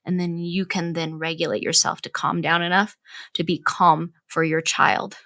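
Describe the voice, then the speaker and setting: A mother in her thirties talks through parenting advice on a podcast, earnest and explanatory, with frequent "right?" check-ins. Her voice sits a little low and has a gravelly edge. The sound is dry and close. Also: level tone, normal speed, pushed and bright, dry recording. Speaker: podcast co-host. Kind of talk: casual parenting chat.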